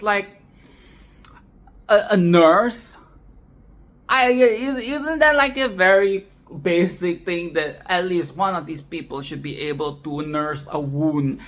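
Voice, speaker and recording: A woman giving a casual, animated film commentary, swearing, laughing and repeating phrases for emphasis. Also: on the low side. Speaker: film review vlogger.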